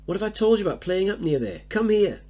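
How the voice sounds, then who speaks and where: A man's voice: medium pitch, expressive, fairly quick, a bit bright, muffled recording, pitched above the performer's own voice, close to an everyday voice. A man voicing an anxious working-class mother with a raised, scolding voice, reading the play aloud.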